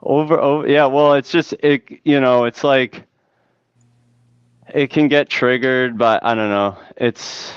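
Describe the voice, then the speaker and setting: A man's voice: mid-range voice, steady tone, measured pace, clean tone, dry recording, lo-fi sound. A man on a panel stream in casual chat, teasing the others and laughing often.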